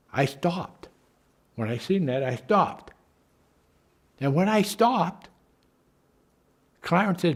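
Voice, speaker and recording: A man in his nineties, a war veteran recalling his memories to the camera in a halting way, often repeating and restarting his words. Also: medium pitch, a little mellow. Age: 90s.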